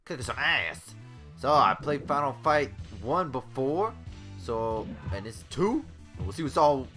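A man giving brash, profane let's-play commentary full of excited yelps and outbursts. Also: mid-range voice. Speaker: gaming YouTuber.

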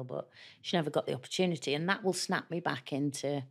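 A woman's voice: sits low, quick pace. A middle-aged woman guest talking frankly and chattily in a podcast interview, laughing easily and acting out the things people said to her. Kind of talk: candid conversational interview.

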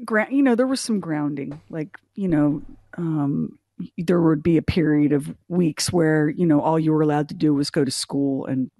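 A woman's voice: low-pitched, mellow, no room sound. A middle-aged woman co-hosting a radio show, teasing her partner playfully in casual banter. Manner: teasing, playful, quick to laugh. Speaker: radio co-host.

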